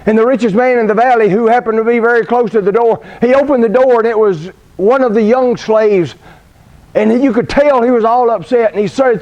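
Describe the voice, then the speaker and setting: A man preaching a sermon, telling a story with slow, deliberate pauses. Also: very high-pitched, muffled recording.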